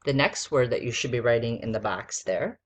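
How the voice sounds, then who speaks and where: In a rumbling low voice, a teacher slowly dictates a spelling lesson for young pupils, pronouncing letters one by one in a recording.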